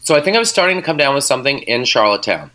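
A hoarse man chats on a podcast through a headset mic, his bright, clear tone cutting through a rasp left over from losing his voice. He rambles easily through stories with relaxed fillers. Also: medium pitch, racing. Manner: relaxed storytelling, many fillers. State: hoarse, recovering voice. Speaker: podcast co-host. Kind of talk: casual chat recapping a tour.

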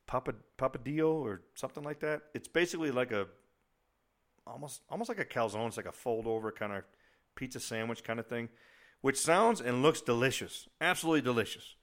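A middle-aged man rants through a casual podcast, rambling and exasperated, often getting louder as he works himself up, then mocking himself as a grumpy old-timer. His voice sits at an ordinary pitch for a man. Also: animated, fairly quick. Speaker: podcast host.

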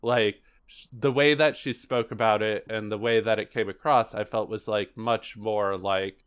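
A man talks casually on a podcast, full of "like" and quick quoted asides. His voice is smooth and resonant. The recording sounds a little dull and lo-fi. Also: fairly low pitch. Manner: chatty, filler-heavy, animated quoting. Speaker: podcast co-host. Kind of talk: casual chat.

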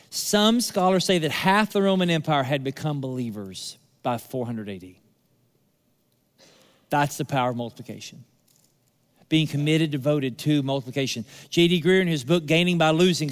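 High-pitched preaching man in a reverberant hall. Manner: preaching with rhetorical repetition and emphatic pauses. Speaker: pastor. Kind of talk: sermon.

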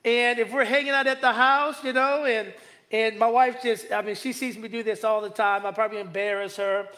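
A male pastor with a strikingly high voice, bright and forceful in tone. He preaches in an easygoing, chatty way, trading jokes with his congregation and drawing out key lines slowly for weight. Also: steady tone. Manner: conversational, joking asides with the congregation; slows and stretches key phrases for emphasis. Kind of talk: sermon.

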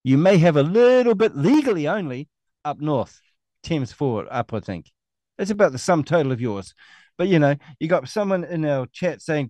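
A man's voice: on the high side, very animated, moderate pace, warm tone, dry recording. A middle-aged man with a New Zealand accent hosts an online show, ranting angrily and scornfully with a lot of swearing. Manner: angry, scornful, profane ranting. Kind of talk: ranting monologue.

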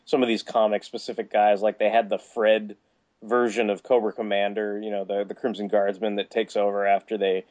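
A man's voice: on the low side, level tone, brisk, a little mellow. A man co-hosting a podcast in casual chat, rambling and filling his talk with "like" and "you know". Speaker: podcast co-host.

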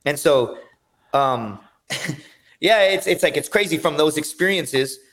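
A man guesting on a podcast, telling his fighting stories in an energetic, profane, rambling way. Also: on the high side, slow. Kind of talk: casual storytelling chat.

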